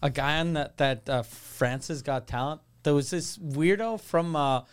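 A man's voice: fairly high pitch, unhurried, smooth. A man hosting a casual podcast chat, telling rambling anecdotes full of filler words. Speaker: podcast host.

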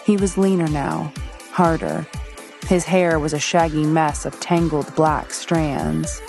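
A woman narrating a romance novel in a steady, measured storytelling manner. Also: low voice, gravelly, faint music behind. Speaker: audiobook narrator. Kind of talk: scripted narration.

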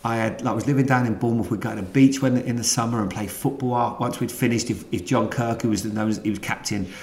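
A middle-aged man with a London accent, a guest telling rambling, animated stories in a casual interview. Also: mid-range voice, quick pace, roomy sound. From England. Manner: rambling, animated anecdotes with many restarts. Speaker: guest, former footballer.

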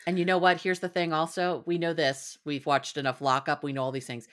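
A woman's voice: low-pitched, level tone, a little fast. A young adult woman co-hosting a podcast, reacting bluntly and swearing freely in casual chat. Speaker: podcast co-host.

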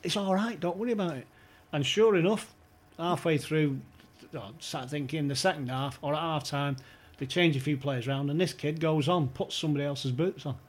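A fairly high-pitched man talks at normal speed with few pauses. As a podcast guest, he brings a funny football story to life, voicing the quotes and laughing frequently.

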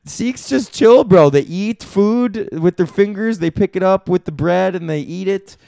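A male comedy podcast host who rambles and swears through a solo rant, breaking into laughter. His voice sits a touch high. The sound is close-miked and dry, with no room around it. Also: moderate pace, vocal fry, dry recording. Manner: profane, rambling, animated ranting with frequent laughs.

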